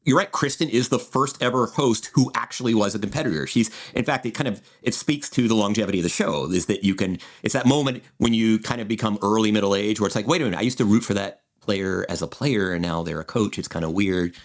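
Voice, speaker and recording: A man's voice: fairly low pitch, quick pace, few pauses. A man in his forties co-hosting a podcast, chatting in a digressive way with frequent restarts. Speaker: podcast co-host. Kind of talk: casual chat.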